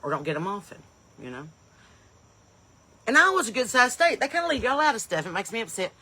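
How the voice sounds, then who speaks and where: A woman, hosting a live stream and chattily greeting viewers, calling out their places with eager bursts of loudness. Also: a little high, big pitch swings, brisk, breathy edge. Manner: chatty, calls out place names loudly and eagerly. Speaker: comedian and podcast host.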